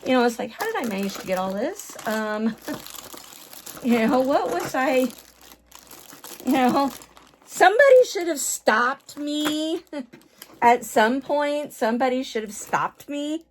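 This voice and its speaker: A woman's voice: high voice, animated, takes it slowly, pauses often, slight background noise. A woman vlogging casually while sorting her doll collection, awed and repeating her exclamations, with many fillers, hot and sweaty from working.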